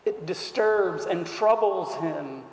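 A man preaching a sermon in an earnest, deliberate way, asking rhetorical questions. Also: sits high, expressive, a little mellow, slight background noise. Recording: echoey hall.

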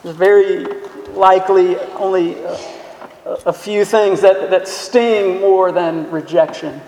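A man's voice: sits high, fairly even intonation, slow pace, dark tone, a little hiss or hum. A man preaching a sermon as a pastor, earnest and emphatic, asking the listeners questions. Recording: echoey hall sound.

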